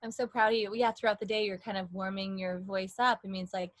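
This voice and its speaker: A woman's voice: medium pitch, steady tone, fast talker, no room sound. A woman, a singing teacher, chatting casually and shifting her voice placement to demonstrate. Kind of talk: casual voice lesson chat.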